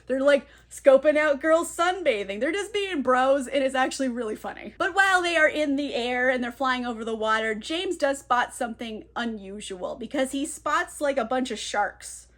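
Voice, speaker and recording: Chatty, sarcastic high-voiced woman. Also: lively intonation, normal speed, hardly any pauses, a bit bright. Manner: chatty, sarcastic, laughs often, many fillers. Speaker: book reviewer. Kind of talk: casual book recap.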